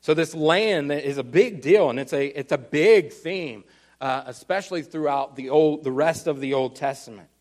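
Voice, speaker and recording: A man preaching a teaching sermon, explaining earnestly and slowing down to stress key words. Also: on the high side, a little mellow. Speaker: pastor.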